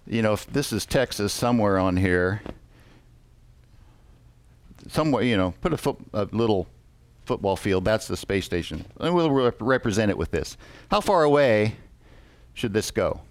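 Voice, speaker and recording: A man's voice: lowish voice, lively intonation, no room sound. A man preaching a sermon, reading scripture aloud and asking the congregation questions. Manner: interactive, asks the congregation questions; reads scripture aloud in a measured voice.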